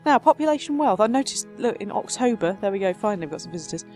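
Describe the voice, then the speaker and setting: A woman's voice: lively intonation, very fast, a little mellow. Chatty woman doing game commentary. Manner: chatty and self-mocking, jumping between high and low. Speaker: let's play host. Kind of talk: casual gameplay commentary. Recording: faint game music behind.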